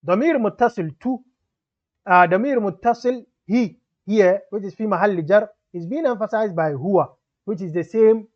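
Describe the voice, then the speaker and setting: A man's voice: high voice, quick pace, darkish tone. A man teaching grammar, reading example sentences aloud and explaining each one in English. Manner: reads Arabic text aloud, then explains it in English. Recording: dull lo-fi sound.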